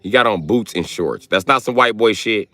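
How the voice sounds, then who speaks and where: Animated, low-voiced man ranting on a livestream. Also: normal speed, dry recording. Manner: profane, animated storytelling. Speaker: livestream host. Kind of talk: casual comedic rant.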